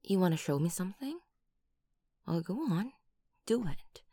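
A woman voicing a doting, protective lover who kills for her partner, in a whispered role-play with breathy whispers and sudden loud outbursts, close to the microphone. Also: on the low side, animated, normal speed, no room sound. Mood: doting worried.

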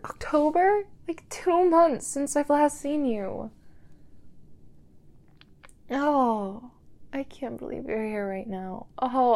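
A woman's voice: high voice, dark tone. A young woman in an audio role-play, talking straight to the listener as an effusive, gushing partner who often breaks into laughter.

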